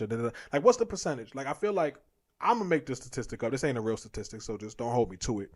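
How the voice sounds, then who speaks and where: Fast-talking young male podcast co-host. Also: medium pitch, expressive. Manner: quick and talkative, laughs often, acts out quoted small talk. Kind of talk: casual podcast chat.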